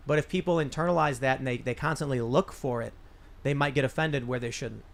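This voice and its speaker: A man's voice: mid-range voice, a little fast, vocal fry. Give me a man hosting a podcast, rambling through an anecdote in casual talk. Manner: rambling storyteller with frequent restarts. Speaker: podcast host.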